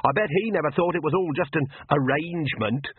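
A man voicing an outspoken young woman with a loud, insistent manner. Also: on the high side, fairly quick, phone-quality sound, slight background noise, pitched above the performer's own voice, close to an everyday voice.

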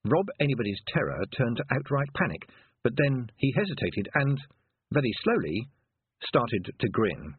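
A man reading a storybook aloud with expressive, animated narration. The sound is tinny and dry. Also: mid-range voice, moderate pace, husky, no echo. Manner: animated, voices characters. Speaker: audiobook narrator.

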